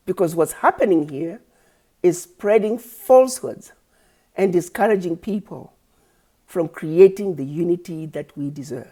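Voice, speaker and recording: A woman's voice: lowish voice, warm tone. Impassioned woman scolding her critics. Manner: scolding, rhetorical, preacher-like repetition. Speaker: organization founder.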